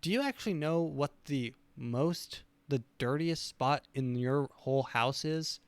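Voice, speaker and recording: A young man co-hosting a podcast, telling stories in a casual, animated way and laughing often. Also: medium pitch, unhurried, clean tone, dry recording. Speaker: podcast co-host. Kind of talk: casual storytelling chat.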